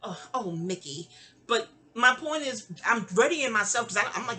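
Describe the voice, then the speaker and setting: A woman, telling a personal story in a casual audio diary, animated and profane, acting out quotes with big jumps in pitch. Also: normal speed. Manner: profane, conversational asides.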